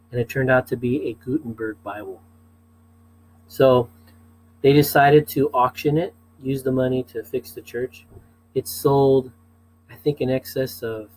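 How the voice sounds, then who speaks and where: A man's voice: mid-range voice, a little mellow, rough recording. Male teacher, casual lecture delivery, chatty with asides, mid-range voice. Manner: chatty, asides and fillers, checks in with "okay?".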